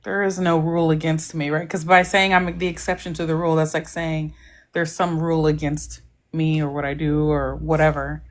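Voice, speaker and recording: A woman's voice: sits low, little pitch movement, normal speed. A woman joining a casual faith-based discussion, thoughtful and reflective.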